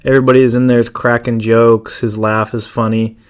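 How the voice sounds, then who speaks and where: Brief: male podcast host, casual solo chat, mid-pitched voice, loose and rambling. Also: level tone, brisk, clear, resonant tone. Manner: rambling, many fillers and restarts.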